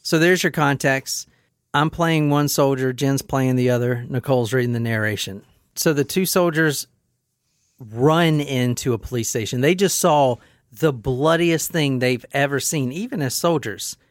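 A man's voice: mid-range voice, dry recording. Male host, crude comedic storyteller, close dry recording. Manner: crude joking, quick narrating. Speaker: podcast host. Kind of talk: casual comedic chat, reading a case.

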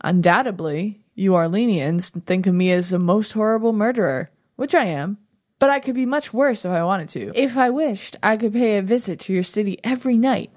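A woman voicing a boastful male demon axe murderer, reading his letter slowly and menacingly in a mock British accent. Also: medium pitch, a little mellow, close to an everyday voice.

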